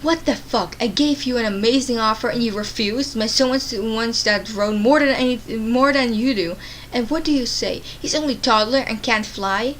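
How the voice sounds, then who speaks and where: A woman's voice: on the high side, normal speed, slight background noise, close to an everyday voice. A woman voicing a pushy, indignant entitled mother while reading a story aloud. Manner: loud and demanding.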